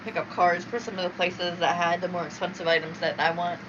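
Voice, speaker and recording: Woman chatting quietly, lowish voice, muffled recording with noise behind. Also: flat delivery, a little fast. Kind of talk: casual chat. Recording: dull lo-fi sound with clear background noise.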